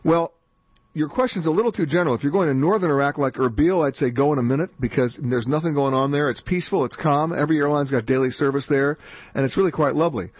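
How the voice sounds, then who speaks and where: Fast-talking male radio host, husky. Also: on the high side, no room sound. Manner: emphatic, chatty, quick asides. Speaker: radio travel show host. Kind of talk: fast radio call-in talk. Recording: dull band-limited radio audio.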